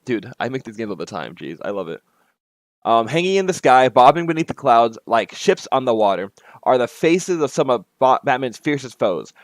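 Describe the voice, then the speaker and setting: A man's voice: mid-range voice, very animated, a little fast, dry recording. A man reading a game he made aloud, with casual asides and self-corrections. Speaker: game maker and narrator.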